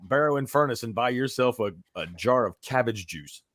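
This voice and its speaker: A man's voice: mid-range voice, lively intonation, normal speed, crowd noise. A man hosting a sports podcast in casual chat, his voice worn from cheering, rambling and swearing freely. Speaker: podcast host.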